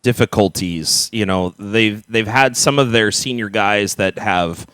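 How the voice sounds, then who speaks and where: A man in his thirties co-hosting a podcast, chatty and quick to laugh. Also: fairly low pitch, clean tone, no room sound. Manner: chatty, laughs often, lively. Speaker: podcast co-host. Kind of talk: casual chat. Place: California, US.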